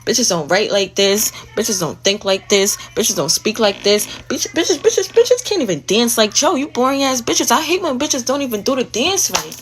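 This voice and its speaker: A woman's voice: on the high side, expressive, normal speed, few pauses, a bit bright. A woman in a brash, profanity-filled rant, talking herself up over and over. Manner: brash, swearing, repetitive. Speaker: self-promoting speaker.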